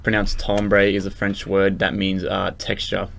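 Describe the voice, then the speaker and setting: A man's voice: low-pitched, monotone, moderate pace, creaky, slight background noise. A young man talking casually through a music production tutorial, loose and rambling with lots of fillers and restarts. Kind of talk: casual screen-recorded tutorial. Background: loud synth music and keyboard typing.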